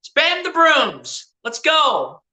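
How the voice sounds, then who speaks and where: A woman's voice: sits high, wildly swooping pitch, very slow, bright, forceful tone. A woman streaming live play-by-play as a fan, calling plays and trash-talking rivals, laughing often. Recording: roomy echo.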